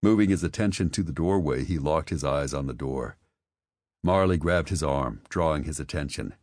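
A man reading an audiobook as its narrator, with expressive storytelling. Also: very deep voice, moderate pace, dry recording, studio quality. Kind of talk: scripted narration.

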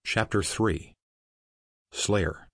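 A man narrating an audiobook in an even, steady storytelling manner. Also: lowish voice, extremely slow, creaky, dry recording, clean studio sound. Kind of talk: scripted narration.

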